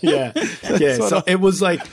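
A man's voice: high voice, unhurried, very noisy. A man co-hosting a podcast, recounting an emotional experience in casual chat, with frequent fillers. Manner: emotional storytelling, many fillers like "like". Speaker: podcast co-host and former contestant.

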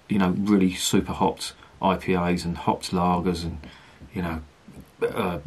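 Male beer reviewer, low gravelly register, rambling rants, casual cursing, middle-aged. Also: little pitch movement, moderate pace, hardly any pauses. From Britain. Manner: chatty, ranting, swears casually.

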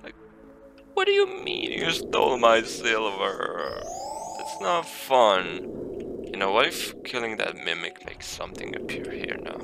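Gravelly, swearing man playing a game. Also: mid-range voice, wildly swooping pitch, takes it slowly, music in the background. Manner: swears often, frustrated outbursts, reads item text aloud. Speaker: let's play gamer. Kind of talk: casual gameplay commentary.

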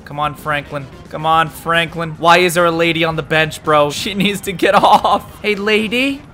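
A young man giving excitable gameplay commentary, swinging from low muttering to sudden yelps and shouts, laughing often. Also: normal speed, faint music behind. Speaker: gaming YouTuber.

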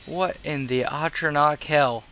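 Yawning and worn out, a man who makes gaming videos talks over casual play in a profane, grumbling, sarcastic way. He speaks a little slowly, and his higher voice has a bright, forceful tone.

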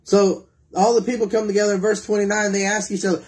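Man, fairly high voice, preaching, reads scripture, asks listeners questions, acts out pleading prayers. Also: little pitch movement, fast talker. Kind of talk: sermon.

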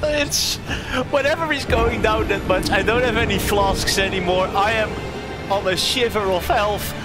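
A young man commentating his own gameplay, shouting, swearing and taunting the boss he is fighting. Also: high voice, moderate pace. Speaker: gaming video creator. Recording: loud game music behind voice. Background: loud game music.

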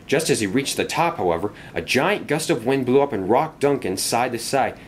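Animated man narrating a storybook tale. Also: medium pitch, normal speed, a little hiss or hum.

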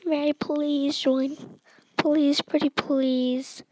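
A woman's voice: a little high, animated, takes it slowly, gravelly, darkish tone, no room sound, full character voice, poor audio. A girl voicing a lonely young female warrior pup who begs to be included. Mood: pleading. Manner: whiny, begging.

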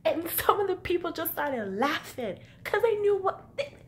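A woman giving a casual spoken film review, excitable and profane, often exclaiming and acting out scenes. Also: extremely high pitch, normal speed, a little hiss or hum. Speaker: movie reviewer.

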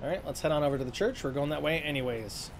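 Man, let's play commentary, high voice, relaxed and casual, faint background noise. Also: fast. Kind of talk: game commentary, reading dialogue aloud.

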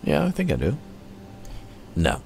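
A man's voice: low voice, wildly swooping pitch, a little slow, vocal fry, darkish tone, faint music behind. A man hosting a let's play, rambling to himself with mock anger as he plays. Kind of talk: casual gameplay commentary.

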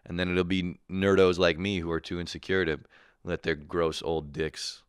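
A man hosting a comedy podcast launches into an animated, profane solo rant peppered with quick voiced impressions. His low voice is clear and resonant, captured with studio quality and no room sound.

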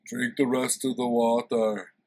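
A man's voice: mid-range voice, level tone, a little slow, a little mellow, slight background noise, pitched above the performer's own voice, close to an everyday voice. Man doing a blunt, swearing barbarian. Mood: blasé. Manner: offhand, swearing. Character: blunt, unbothered male barbarian warrior.

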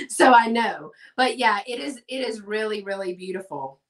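A woman's voice: a little high, lively intonation, unhurried, recorded from a distance. A chatty woman hosting a live sale stream, reading out bids and saying y'all. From Texas. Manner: chatty, says y'all, reads bids aloud. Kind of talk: live selling stream, casual chat.

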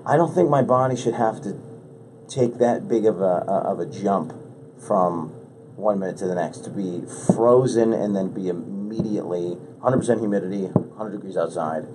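A man's voice: fairly low pitch, moderate pace, background noise. A man hosting a podcast in casual chat, telling rambling stories full of restarts, recorded in a radio studio room. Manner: rambling, animated storytelling with many restarts. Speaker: podcast host.

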